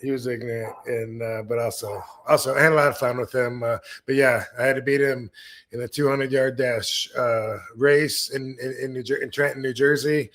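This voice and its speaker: A man hosting a podcast, telling backstage stories in a loose, animated way and swearing freely. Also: mid-range voice, moderate pace. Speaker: podcast host, retired wrestler. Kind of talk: casual storytelling.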